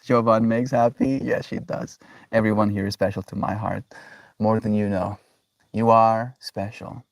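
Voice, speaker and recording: Male streamer, lowish voice, reflective and affectionate, dry sound a little off mic. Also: creaky, no echo, recorded from a distance. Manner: reflective, repeats "right?", effusive affection. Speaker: daily livestreamer. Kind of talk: casual spiritual livestream talk.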